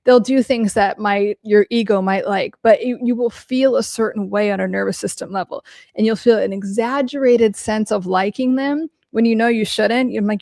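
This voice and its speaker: Speaking solo to answer questions, this mental health coach and podcast host tells stories animatedly, blunt and casual, with free swearing and many fillers. She has a gravelly, medium-pitched voice at a moderate pace, recorded cleanly in a studio with no room sound.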